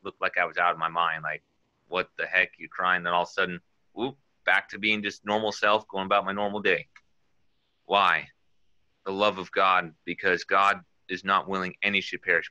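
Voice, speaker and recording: A man with a very low, strikingly bright and forceful voice shares an earnest testimony, wandering between stories and scripture quotes. The sound is dry and dull, like a lo-fi recording. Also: no echo. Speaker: guest sharing testimony. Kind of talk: informal spoken testimony.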